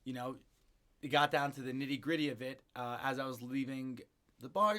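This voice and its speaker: A young man in his twenties, an independent musician chatting in an interview and telling an animated story, acting out what people said. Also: medium pitch, moderate pace, pauses often.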